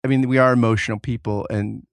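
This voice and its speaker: Halting, thoughtful male interviewer. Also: mid-range voice, steady tone, no echo, studio quality. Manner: thoughtful, halting, with many restarts. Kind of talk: conversational interview.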